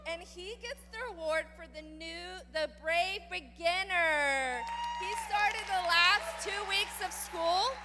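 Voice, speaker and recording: A woman teacher handing out student awards at a graduation ceremony, enthusiastic and cheering each student on. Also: very high-pitched. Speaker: elementary school teacher. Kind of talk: award presentation speech. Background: audience crowd.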